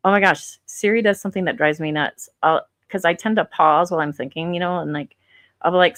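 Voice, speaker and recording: Low-voiced rambling woman commentator. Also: fast talker, a bit bright, dry recording, clean studio sound. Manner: rambling, many fillers, thinks aloud. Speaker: commentator reacting to clips. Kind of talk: casual commentary.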